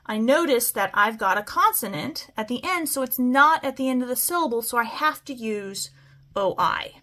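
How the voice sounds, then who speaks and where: Woman teacher, spelling lesson, patient step-by-step explaining, fairly high voice. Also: animated, bright, forceful tone. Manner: patient, slow and explanatory, checks in with "okay?".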